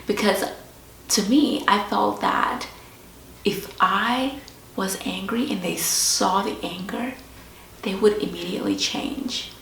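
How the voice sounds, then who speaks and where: A woman host sharing a personal story in a slow, reflective, confessional way. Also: mid-range voice, gravelly, a bit bright. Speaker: podcast host. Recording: roomy echo with faint background hiss.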